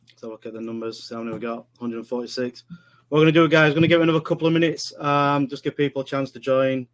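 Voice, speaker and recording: A man's voice: medium pitch, fairly even intonation, very fast. A man with a Yorkshire accent co-hosting a live webinar, chatting casually and joking with viewers, calling everyone "mate". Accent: Yorkshire English. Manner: chatty, jokey, says "mate" a lot. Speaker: webinar co-host. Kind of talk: casual live-stream chat.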